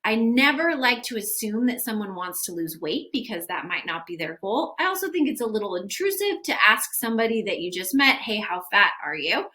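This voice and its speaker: A young adult woman delivers a quick, sing-song lesson in a fairly high, pushed, bright voice, barely pausing. She coaches gym owners on sales follow-up in this casual, upbeat instructional video, acting out sample text messages.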